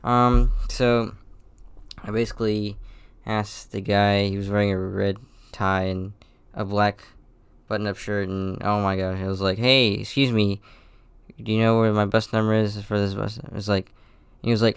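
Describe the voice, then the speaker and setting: A man's voice: lowish voice, level tone, moderate pace, clear, resonant tone, dry recording. A teenage boy hosting his own podcast, talking in a rambling, hesitant way with many restarts and apologies. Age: teens. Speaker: podcast host. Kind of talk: casual solo podcast monologue.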